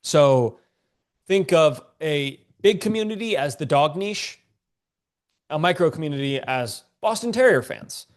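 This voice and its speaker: A man's voice: on the high side, expressive, unhurried. A man teaching a live-streamed business class, a bit congested, talking in a casual, joking, slangy way to viewers in a chat. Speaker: online business coach.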